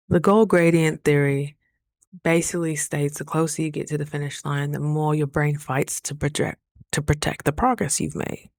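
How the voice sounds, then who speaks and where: A woman's voice: deep voice, little pitch movement, a little slow, pauses often, no echo. A woman talking through a casual diary vlog, earnest and reflective, sometimes close to tears. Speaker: vlogger.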